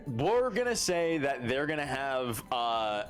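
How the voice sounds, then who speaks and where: A man's voice: medium pitch, sing-song, takes it slowly, music in the background. A man narrating a tabletop game as game master in a loose, filler-heavy way.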